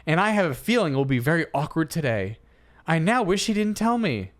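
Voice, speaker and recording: Animated man reading and debating. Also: on the high side, brisk. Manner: animated, argumentative, playful. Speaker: podcast co-host. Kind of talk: comedic podcast chat, reading listener posts aloud.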